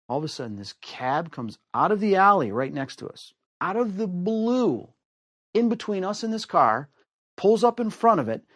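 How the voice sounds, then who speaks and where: Male storyteller from the US, mid-pitched, acts out quoted voices with big swings in pitch; dry, close recording. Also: dry recording. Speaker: storyteller guest. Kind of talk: animated personal storytelling.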